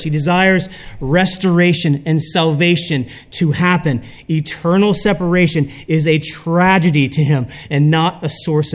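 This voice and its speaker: A man preaching a sermon, talking conversationally and often checking in with the congregation. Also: a little high. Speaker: pastor.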